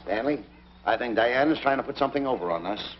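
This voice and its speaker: An actor playing a bossy, fast-talking straight man in a 1940s film comedy, brisk, scolding and exasperated. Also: mid-range voice, animated, natural voice. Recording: dull 1940s film soundtrack with faint hiss.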